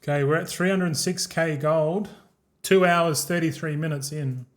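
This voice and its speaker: Laid-back swearing Australian streamer. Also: male voice, on the high side, steady tone, measured pace. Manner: laid-back, rambling, swears freely, laughs often. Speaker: game streamer. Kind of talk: casual stream chat.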